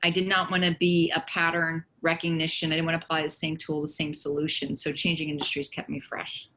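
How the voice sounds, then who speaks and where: A woman recounting career stories on a panel over a video call. Her voice sits low for a woman yet comes across bright and forceful. She talks in an animated, storytelling way, with laughter here and there. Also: a little fast, rough recording. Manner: lively anecdotes with laughter.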